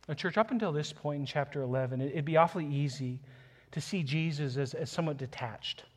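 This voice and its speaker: Pastor, male, slightly high voice, earnest sermon delivery that swells into passionate emphasis. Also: fairly quick, slightly rough. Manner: reads scripture aloud, chuckles softly.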